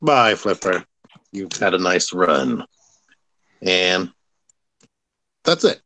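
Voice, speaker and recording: A man's voice: deep voice, animated, very slow, long pauses, sharp tone, no room sound. A man co-hosting a casual podcast, blunt and enthusiastic. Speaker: podcast co-host.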